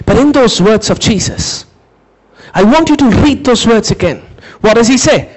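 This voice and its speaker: A man preaching a sermon, dramatic, shouting some phrases and dropping low and slow for others, asking listeners to repeat words after him. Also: expressive, low-quality recording. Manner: dramatic, swings from high emphatic shouts to low slow intense delivery.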